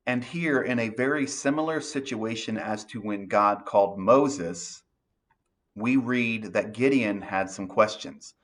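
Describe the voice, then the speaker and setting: A man's voice: medium pitch, unhurried, fairly bright tone. A male pastor preaching an earnest sermon, reading scripture aloud and applying it to listeners.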